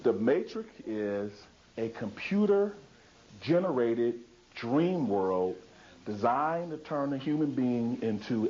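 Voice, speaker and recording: A man's voice: fairly high pitch, a little mellow. A man giving a public lecture in an emphatic, repetitive way, asking rhetorical questions and answering them himself. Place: lecture hall. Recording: dull lo-fi 2000s video recording.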